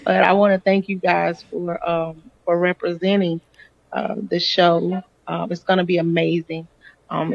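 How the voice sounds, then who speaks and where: A tired, hoarse woman calling in to thank the cast, apologetic and laughing easily. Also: on the low side. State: hoarse and exhausted. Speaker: director and preacher. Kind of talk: casual call-in greeting. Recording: dry, muffled phone-call audio.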